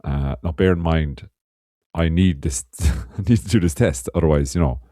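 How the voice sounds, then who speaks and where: A man's voice: extremely low pitch, moderate pace, warm tone, dry recording, clean studio sound. An Irish man co-hosting a podcast, rambling through stories in casual chat, swearing and laughing often. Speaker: podcast co-host.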